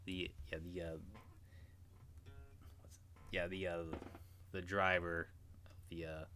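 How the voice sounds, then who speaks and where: A man's voice: deep voice, little pitch movement, slow pace, music in the background. A man narrating as game master in an online tabletop game, hesitant and full of restarts. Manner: hesitant, many restarts and fillers.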